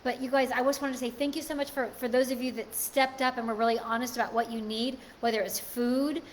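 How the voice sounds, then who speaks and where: A woman's voice: fairly high pitch, fairly even intonation, a little fast, a little hiss or hum. Chatty woman hosting a live stream. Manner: chatty, reads and answers viewer comments. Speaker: livestream host. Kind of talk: casual live-stream chat with viewers.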